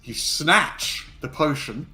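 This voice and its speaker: A man narrating as game master of a tabletop role-playing game in an easygoing, relaxed way. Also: on the high side, slow, faint music behind.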